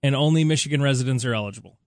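A man's voice: medium pitch, no room sound. Joking male radio host, dry studio. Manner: jokey, quick, laughs often. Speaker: radio morning show host. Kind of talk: casual radio banter. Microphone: studio microphone.

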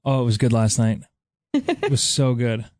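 A man's voice: mid-range voice, wildly swooping pitch, normal speed, darkish tone, no room sound, clean studio sound. A young adult man co-hosting a radio morning show, chatting casually and wryly. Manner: chatty, wry, easygoing.

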